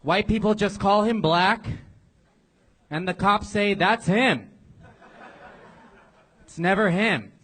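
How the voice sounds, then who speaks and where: A man's voice: sits high, expressive, slow pace, pauses often, fairly bright tone. Man firing self-mocking stand-up one-liners. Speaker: band drummer doing a stand-up set. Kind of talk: stand-up set.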